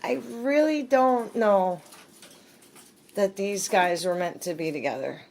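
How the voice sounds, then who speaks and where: A woman's voice: mid-range voice, slow pace, darkish tone, a little hiss or hum. A woman at home filming her pets on a phone, talking playfully to her bird and laughing often. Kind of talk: casual chat to pets while filming.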